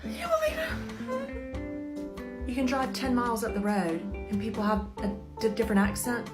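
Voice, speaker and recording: A woman's voice: a little high, fairly even intonation, a little fast, over music. A woman vlogging casually, brash and joking with emphatic asides. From southern United States. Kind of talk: casual comic vlog.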